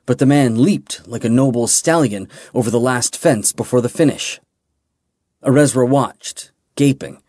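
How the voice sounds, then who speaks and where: A man reading a fantasy audiobook in a measured, dramatic way. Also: medium pitch, darkish tone, dry recording, clean studio sound. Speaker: audiobook narrator. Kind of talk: scripted fantasy narration.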